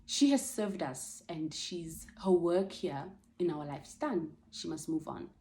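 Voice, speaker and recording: Woman, casual storytime vlog, low-pitched, animated delivery. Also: measured pace. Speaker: vlogger.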